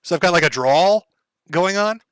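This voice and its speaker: A man's voice: high voice, animated, normal speed, fairly bright tone, smooth, no echo. A man with a Minnesota accent hosting a livestream in casual, profane, rambling chat, chuckling often. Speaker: livestream host.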